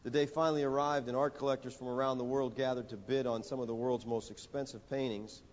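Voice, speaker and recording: A man's voice: mid-range voice, level tone. Man preaching in an echoing hall. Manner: rising, emphatic delivery with dramatic pauses. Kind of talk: sermon with illustration story. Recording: dull audio in a reverberant hall.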